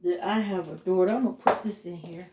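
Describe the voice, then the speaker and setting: A woman's voice: fairly low pitch, fast, roomy sound, very noisy. A middle-aged woman chatting casually with viewers while she cooks in her home kitchen, calling them "y'all". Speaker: home cooking vlogger. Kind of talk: casual chat while cooking.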